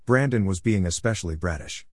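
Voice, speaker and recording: Man, story narrator, low voice, steady reading, dry close recording. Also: a little fast, no echo. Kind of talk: first-person story narration.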